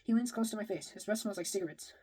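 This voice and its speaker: A woman's voice: medium pitch, rapid-fire, mellow, husky, rough recording. Woman, novel reading, first-person narration, occasional stumbles and rereads. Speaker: reader.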